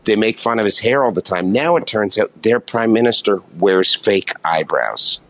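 A low-voiced man from Canada riffing as a comedian guest, rambling from one bit to the next with deadpan delivery. His pitch leaps around a lot as he jumps into other people's voices. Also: moderate pace, no room sound. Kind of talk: casual comedic chat.

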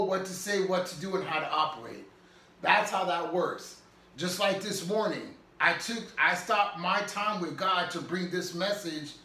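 A man's voice: high voice, a bit bright, roomy sound, distant mic, a little hiss or hum. A man pastor preaching an earnest, emphatic sermon, repeating phrases for weight.

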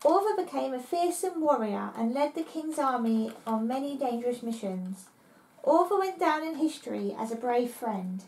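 A woman reading her own adventure story aloud in a plain, steady narrating voice. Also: high voice, normal speed, echoey room, poor audio.

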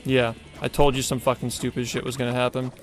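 A man's voice: medium pitch, monotone, fast, faint music behind. A man streaming a game, ranting in a fury and swearing heavily, repeating himself over and over. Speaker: speedrunner streamer. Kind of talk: angry rant while live-streaming a game.

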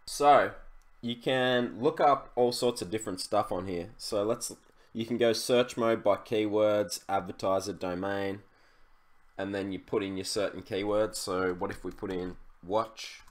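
Speaking slowly in a lowish voice with fairly even intonation, a young man who runs an e-commerce YouTube channel chats his way through a screen-share tutorial. His delivery is loose, full of fillers and restarts.

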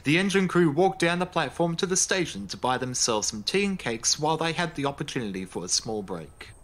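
A man reading a children's railway story as narrator, in a calm, even storybook manner. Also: on the high side, fairly quick, noisy background. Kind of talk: scripted narration. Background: music.

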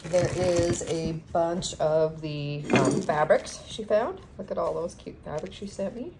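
A woman's voice: fairly low pitch, animated, measured pace. A woman chatting casually as she unboxes craft supplies at home, gushing and filling gaps with lots of ums. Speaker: craft vlogger. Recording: noisy home recording.

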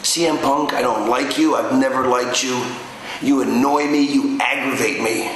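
A man's voice: mid-range voice, steady tone, moderate pace, a bit bright. A man cutting a menacing wrestling promo, gloating and drawing out his threats. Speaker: pro wrestler. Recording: very echoey room with faint noise.

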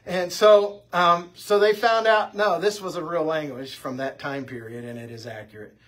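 Husky man, Bible class teacher, chatty anecdotal delivery. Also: on the high side, moderate pace. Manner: conversational, anecdotal, lively delivery. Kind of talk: informal church class teaching. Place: church classroom.

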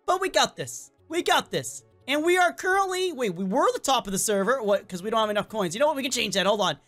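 A woman giving chatty, excitable game commentary and talking to the characters, her voice worn and cracking with a cough. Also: a little high, quick pace, soft background music. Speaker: gameplay commentator.

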